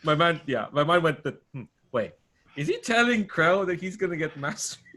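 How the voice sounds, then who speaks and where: Excitable man running a tabletop game. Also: a little high, fairly quick. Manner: excitable, laughs often. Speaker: game master.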